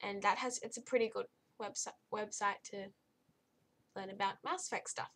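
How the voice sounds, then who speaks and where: A woman's voice: medium pitch, fairly even intonation, normal speed, fairly bright tone. A young woman giving a casual, blunt and exasperated spoken book review, rambling with frequent restarts.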